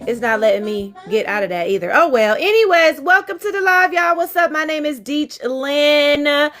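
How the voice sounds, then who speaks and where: A woman's voice: high-pitched, expressive, normal speed, a bit bright. A woman relationship coach chatting frankly on her live stream, laughing easily between exasperated asides. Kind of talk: casual live-stream talk.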